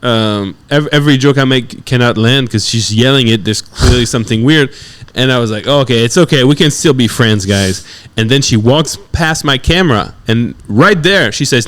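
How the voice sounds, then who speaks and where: French male comedian guest, animated storyteller, smooth resonant voice. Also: medium pitch, moderate pace, few pauses. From France. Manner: animated, acts out other people's voices in his stories. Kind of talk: casual podcast storytelling.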